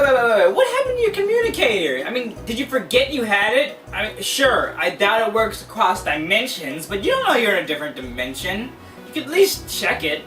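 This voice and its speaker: A man's voice: sits high, bright, forceful tone, echoey room, distant mic, low-quality recording. A man narrating a comedic comic book review, full of sarcastic, mocking asides.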